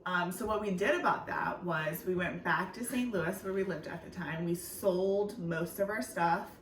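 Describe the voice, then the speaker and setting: A woman's voice: lowish voice, normal speed, a little hiss or hum. A woman chatting casually to her vlog audience, laughing easily and saying "like" and "y'all" often. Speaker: vlogger. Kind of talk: casual family vlog chat. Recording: echoey room from a distance.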